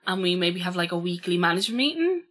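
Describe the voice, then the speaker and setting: A woman in her thirties co-hosts a casual podcast with dry, joking banter. Her voice is bright and sharp. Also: on the low side, big pitch swings, quick pace. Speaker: podcast co-host. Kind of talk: casual chat.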